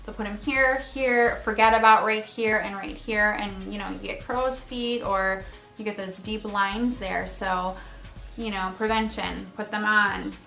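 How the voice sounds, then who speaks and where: A woman's voice: medium pitch, steady tone, unhurried, gravelly, pushed and bright, roomy sound, soft background music. A woman in her thirties, a beauty vlogger chatting casually about her skincare routine in a rambling way, with many fillers and asides. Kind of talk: casual chatty product review.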